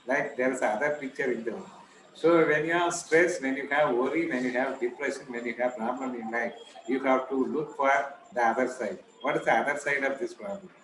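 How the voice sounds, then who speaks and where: A man's voice: mid-range voice, a little fast. A man with an Indian English accent giving an informal lecture, telling stories and acting out the quoted voices. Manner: animated storytelling, acts out quoted voices. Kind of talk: informal lecture on stress and self-talk. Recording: echoey room, noisy background.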